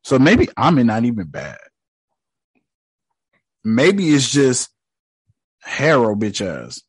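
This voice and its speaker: A man retelling a show episode in loose, slangy talk full of swearing, getting excited as he goes. His voice sits at a middle pitch and is recorded close and dry, with no room sound. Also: slow, breathy edge, no echo. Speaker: show reactor. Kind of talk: casual episode recap.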